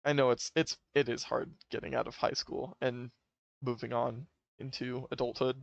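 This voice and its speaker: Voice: mid-range voice, little pitch movement, moderate pace, creaky, dry recording, muffled recording. A streamer chatting casually while playing, joking and trailing off with sighs as they talk. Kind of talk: casual gameplay chat, reading dialogue aloud. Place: home streaming setup. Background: game music.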